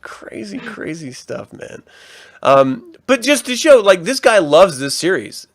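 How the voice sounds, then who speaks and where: A man co-hosting a casual fan podcast, animated and profane, often restarting his sentences. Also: high-pitched, unhurried, no echo, studio quality. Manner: animated, swearing, trailing restarts. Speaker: podcast co-host.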